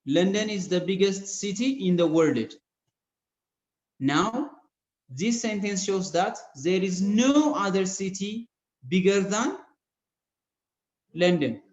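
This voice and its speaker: Slow, methodical Ethiopian male teacher. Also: sits high, darkish tone. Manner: slow, methodical explanation, spelling out letters. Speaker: English teacher. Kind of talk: online grammar lesson. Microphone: video call. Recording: dull echoey video-call audio.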